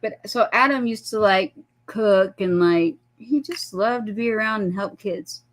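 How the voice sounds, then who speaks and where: At a measured pace and in a mid-range voice, a woman guest on a talk show tells a personal story in casual chat. She's animated, acting out the voices of the people in her quoted dialogue.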